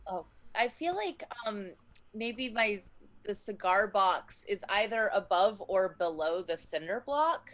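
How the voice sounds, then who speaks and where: A woman's voice: medium pitch, expressive, slow, fairly bright tone. Hesitant woman player. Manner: hesitant, lots of ums. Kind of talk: casual tabletop play.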